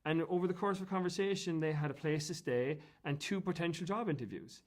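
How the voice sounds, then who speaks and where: A guest from Ireland, speaking quickly with a voice on the high side, tells loose, anecdotal stories in an interview. He rambles, using many fillers and restarting often.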